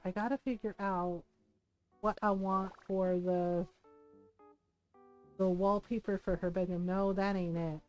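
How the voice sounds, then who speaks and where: A woman streaming a cozy life-sim game, chatting casually while she decorates. She is animated, laughs often, and swears freely. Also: mid-range voice, low-quality recording. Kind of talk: casual gaming stream chat.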